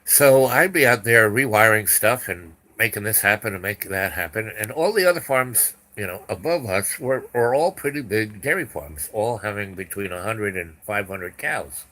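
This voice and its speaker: An older man telling a long personal story in a loose, rambling way, with asides and restarts throughout. His voice sits low, and his tone is sharp and bright. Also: lively intonation, normal speed, hardly any pauses. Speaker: podcast host.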